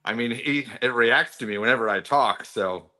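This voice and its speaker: An older man chats on a show in a bright, clear tone. He jokes in a laid-back way and rambles with restarts. The chat is casual. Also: medium pitch, normal speed. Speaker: show regular.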